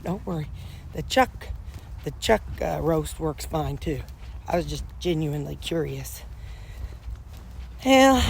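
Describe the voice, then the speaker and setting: A woman's voice: lowish voice, darkish tone, a little hiss or hum. A woman vlogging at home in a rambling, chatty, self-deprecating way, talking casually to her camera. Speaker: weight-loss vlogger.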